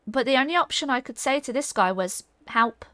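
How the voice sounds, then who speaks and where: A woman's voice: high-pitched, lively intonation, fairly quick, bright, forceful tone, dry recording, soft background music. A woman streamer chatting casually and rambling while playing a game, reading her chat aloud.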